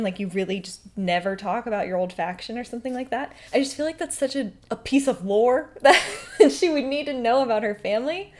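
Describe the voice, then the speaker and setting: A young adult woman talks through a favorite book in a casual, chatty review. She gushes emotionally about the characters and leans on "like" as she talks, her voice sitting at an everyday middle pitch. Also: a little mellow. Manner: chatty, fills talk with "like".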